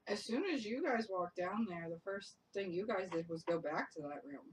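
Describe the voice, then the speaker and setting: Lively storytelling woman, distant mic. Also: medium pitch, normal speed. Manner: lively storyteller, laughs often, acts out quotes. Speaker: paranormal investigator. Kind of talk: casual group chat, telling a ghost story. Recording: distant mic with faint noise.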